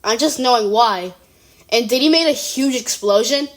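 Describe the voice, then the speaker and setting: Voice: medium pitch, normal speed. A young speaker at home, giving a casual reaction commentary, often giggling and exclaiming in surprise, rambling and correcting themselves. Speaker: reaction video creator. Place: room at home.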